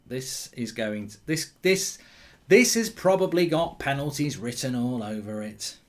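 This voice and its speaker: Casting note: man hosting a football stream, mid-pitched, chatty and rambling. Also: lively intonation, unhurried. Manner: chatty, reads viewer comments aloud, many ums and restarts. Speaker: host of a football watchalong. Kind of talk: casual live-stream chat and commentary.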